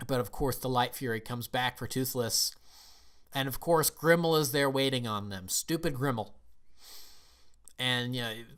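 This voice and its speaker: A man's voice: mid-range voice, moderate pace, long pauses, fairly bright tone, smooth. A man reviewing a movie in a casual recap, telling the story in a rambling, enthusiastic way with frequent restarts. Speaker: film reviewer.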